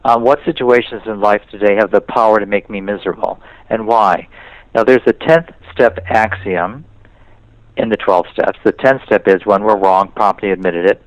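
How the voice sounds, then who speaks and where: A priest with a lowish voice gives a spiritual talk during an interview, speaking at a moderate pace. He tells stories and slips into the voices of the people he quotes. There's no echo, but the recording is muffled.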